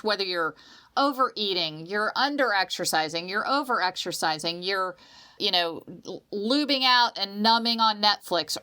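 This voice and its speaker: A woman co-hosting a podcast in casual chat, telling stories expressively with frequent restarts. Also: medium pitch. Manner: expressive, restarts often, animated storytelling. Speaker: podcast co-host.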